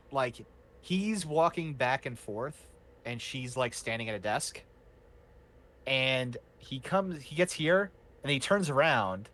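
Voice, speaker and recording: A man runs a tabletop game, describing the scene at a slow, unhurried pace. His voice sits at a middling pitch, and he leans on fillers as he builds each moment. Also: a bit bright. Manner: unhurried, hesitant, lots of fillers. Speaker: game master.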